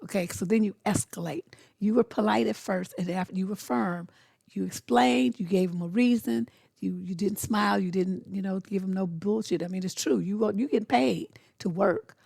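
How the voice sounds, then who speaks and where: A middle-aged woman talks straight to the listener as a dating coach, blunt and sassy. Her voice has a gravelly edge at the bottom. The sound is dry, as if the mic sits close in a small, dead room. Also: mid-range voice, warm tone, dry recording. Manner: blunt, sassy, acts out quick dialogues. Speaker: relationship coach. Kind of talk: casual advice monologue.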